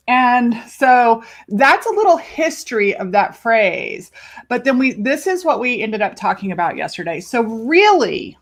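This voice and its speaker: A woman coach hosting her own podcast, talking casually with lively emphasis and free swearing. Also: mid-range voice. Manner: animated, chatty, swears freely, stretches words for emphasis. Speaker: life and business coach, podcast host.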